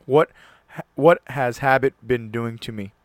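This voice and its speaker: Heard on a dry close mic with no room sound, a male host talks casually by himself in a medium-pitched voice, a little slow. He reads aloud with earnest effort, occasionally stumbling over words and restarting them.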